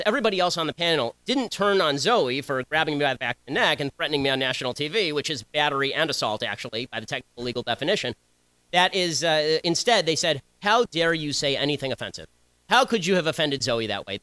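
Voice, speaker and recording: A young man giving a combative, sarcastic political speech to students, talking in rapid-fire bursts. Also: a little high, pushed and bright, dry recording, rough recording. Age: young adult.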